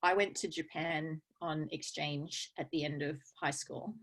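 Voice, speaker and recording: Husky, chatty woman. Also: low voice, steady tone. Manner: chatty, laughs often, halting with fillers. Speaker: guest. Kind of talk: casual conversation.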